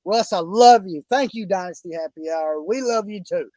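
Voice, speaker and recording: Effusive high-voiced Oklahoma country man. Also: moderate pace, warm tone, no room sound, low-quality recording. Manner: folksy, effusive, keeps calling the listener buddy and brother. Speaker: podcast host. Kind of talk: casual fantasy football chat.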